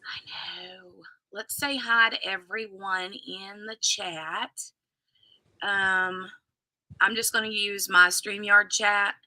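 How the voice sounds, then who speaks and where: A woman's voice: medium pitch, steady tone, slow, sharp tone, dry recording. A woman hosting a casual live stream, chatting and greeting viewers by name. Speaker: livestream host.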